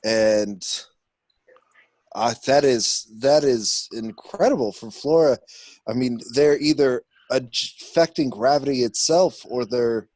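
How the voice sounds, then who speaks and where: A man voicing a curious, absent-minded scholar adventurer who rambles excitedly about strange plants. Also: medium pitch, slow pace, no room sound. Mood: fascinated.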